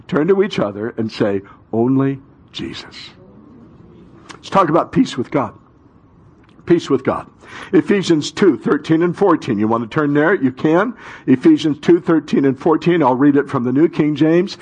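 A male pastor preaching a sermon with call-and-response, reading Scripture and rising to shouts. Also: fairly high pitch, animated, moderate pace, breathy edge.

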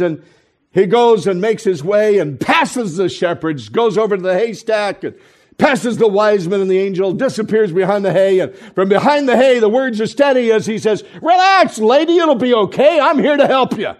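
High-voiced man preaching an animated sermon. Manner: animated storyteller acting out children's voices, dropping to soft hushed tones. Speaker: pastor. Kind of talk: sermon storytelling. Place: church.

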